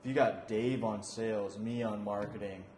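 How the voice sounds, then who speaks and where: A man's voice: fairly low pitch, fairly even intonation, moderate pace, darkish tone. A man co-hosting a casual business chat, working through marketing plans aloud with hesitant restarts. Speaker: marketing partner, co-host. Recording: roomy, with faint noise.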